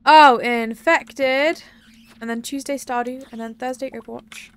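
A young woman chats loosely through a game stream, drifting between comments on the game and replies to her viewers. Her voice sits a little high with a steady gravelly fry, and she giggles and rambles as she goes. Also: brisk, slight background noise. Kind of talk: casual live-stream chat while gaming.

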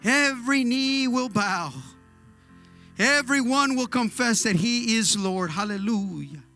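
A man's voice: very high-pitched, slow pace, sharp tone, soft background music. A man preaching a sermon with fervent exhortation, punctuating his lines with hallelujah and amen.

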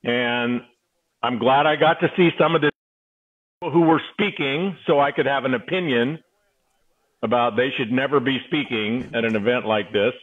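A man's voice: medium pitch, normal speed, slightly rough. A man guest on a talk show, wry and self-mocking, making jokes in casual banter. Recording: tinny phone-like remote line.

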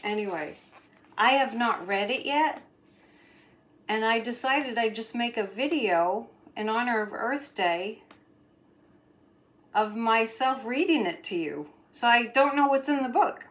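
A woman from Gloucester, Massachusetts, reads a picture book aloud in a casual storytime manner, breaking off for chatty, giggly asides. Her voice sits a bit high and has a bright, forward edge. She takes her time, lingering over words at an unhurried pace. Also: animated. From Gloucester, Massachusetts, USA. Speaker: video host reading a picture book aloud.

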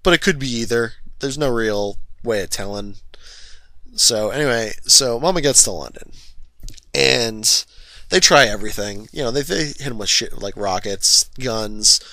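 A man's voice: medium pitch, measured pace, bright, forceful tone, no room sound. A man casually retelling a movie's plot, rambling and correcting himself, full of fillers. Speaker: film reviewer.

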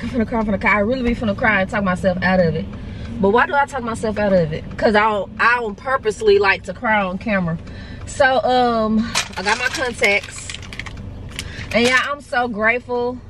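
Outspoken young woman vlogging, noisy background. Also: fairly high pitch. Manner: animated, outspoken, swears freely. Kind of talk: casual vlog chat. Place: in stores and a car. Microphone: handheld phone camera. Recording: background noise from stores and car. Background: store and car noise.

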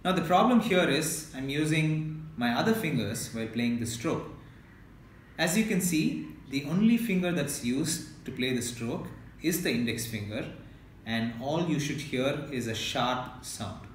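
A man teaching beginner drum strokes in a slow, patient way, counting beats aloud and demonstrating. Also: on the high side, lively intonation. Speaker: mridangam teacher. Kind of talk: instructional lesson. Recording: very echoey room, mic at a distance, loud noise.

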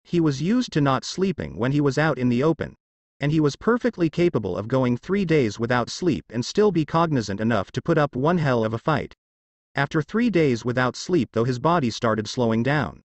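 A man's voice: mid-range voice, sing-song, moderate pace, no echo. A man reading fanfiction aloud as a storybook narrator, voicing every character.

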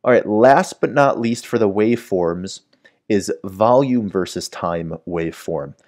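A man's voice: fairly low pitch, measured pace, a little mellow. A man teaching a medical whiteboard lesson, explaining step by step and often checking in with the listener. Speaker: medical educator. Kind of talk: whiteboard lecture.

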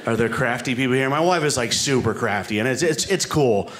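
A man's voice: mid-range voice, lively intonation, a little fast, fairly bright tone. A man doing a rambling, self-deprecating stand-up routine on a comedy club stage, speaking into a handheld mic. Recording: live comedy set with room noise.

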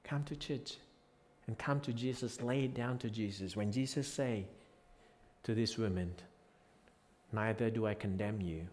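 A man preaching a sermon as pastor, moving from quiet reflective lines to loud, emphatic peaks. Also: fairly low pitch. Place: church sanctuary. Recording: reverberant church hall.

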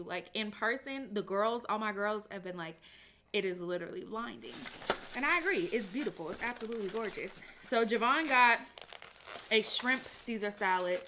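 Bright-voiced chatty young woman vlogger. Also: mid-range voice. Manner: chatty and playful, addresses viewers as y'all. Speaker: lifestyle vlogger. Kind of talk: casual vlog chat to camera.

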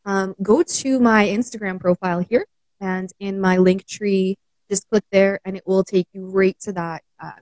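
A woman's voice: medium pitch, steady tone, normal speed, a little mellow, dry recording, rough recording. A woman coach with a Canadian accent, chatting casually on a live stream, laughing often and using many fillers. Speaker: mental wellness coach.

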